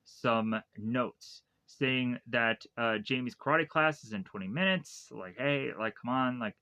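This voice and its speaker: A man's voice: mid-range voice, a little slow, sharp tone, clear, resonant tone, no echo. A man casually recapping a movie plot in a rambling way, full of fillers and restarts. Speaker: film reviewer.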